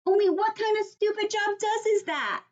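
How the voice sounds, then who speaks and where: A woman voicing a loud, impatient little girl in a storybook read-aloud, whiny and dramatic. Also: very high-pitched, normal speed, muffled recording, voice pushed up. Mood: yelling.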